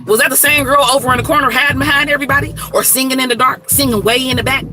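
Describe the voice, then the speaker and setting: Frank woman talking over loud music. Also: sits high, very fast. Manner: frank, animated, Black American vernacular phrasing. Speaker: singer and streamer. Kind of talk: casual direct-to-camera talk.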